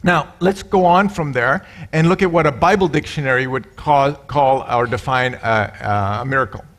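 A middle-aged male pastor preaching a sermon, animated, mixing jokes with scripture and acting out quoted voices. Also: moderate pace. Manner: animated, acts out quoted voices with loud high bursts.

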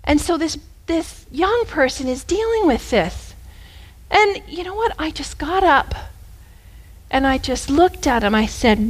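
A woman preacher with a high voice tells her sermon as a story at a measured pace. She's animated and conversational, swinging between loud and hushed.

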